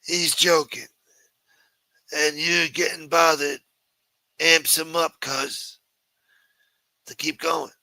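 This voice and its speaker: A man's voice: on the high side, flat delivery, takes it slowly, gravelly, pauses often, bright, forceful tone, no echo. A man hosting a livestream, talking in a brash, profane mob boss persona. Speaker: livestream show host.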